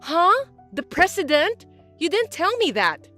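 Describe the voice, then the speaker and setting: A woman's voice: extremely high pitch, sing-song, measured pace, sharp tone, faint music behind, voice pushed up, heavily acted. A woman voicing a domineering mother-in-law who talks in an indignant, accusing, whiny way. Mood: stunned. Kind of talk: scripted story voice-acting.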